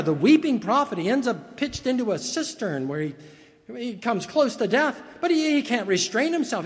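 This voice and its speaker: A man preaching a sermon as pastor, earnest and emphatic, often repeating words as he restarts. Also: high voice. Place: church sanctuary. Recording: long reverb of a large hall.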